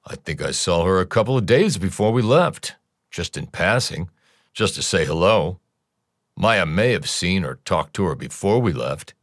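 A man's voice: deep voice, animated, moderate pace, dry recording, clean studio sound. A man voicing an anxious, wealthy middle-aged husband in an audiobook, his voice climbing when rattled. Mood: subdued. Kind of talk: audiobook character voice.

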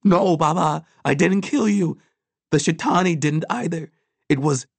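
A man's voice: high voice, very animated, slow, darkish tone, slightly rough, dry recording, pitched above the performer's own voice, full character voice. A male narrator voicing a frightened, desperate young man who pleads and protests. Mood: pleading.

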